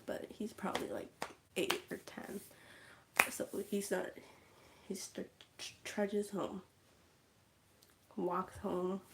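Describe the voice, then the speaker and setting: A livestream host with a mid-range voice casually recaps a movie, telling the story slowly and dropping to whispers for suspense. There's background noise in the recording.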